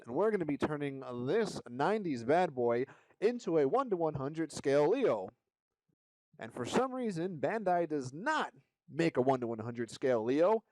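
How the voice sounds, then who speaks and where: A man with a slightly high, darkish voice casually narrates his model kit build in a hobby vlog, joking around, swearing now and then and hollering playful asides. The recording has no room sound.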